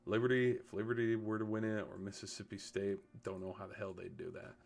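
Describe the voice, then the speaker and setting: Man hosting a sports live stream, somewhat low voice, loose and rambling delivery with casual swearing. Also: little pitch movement, a little fast, vocal fry.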